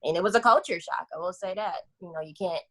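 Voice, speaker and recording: A woman with a somewhat low voice tells a personal story as a podcast guest. She speaks candidly in casual slang, acting out the people in her tale. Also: quick pace, a bit bright.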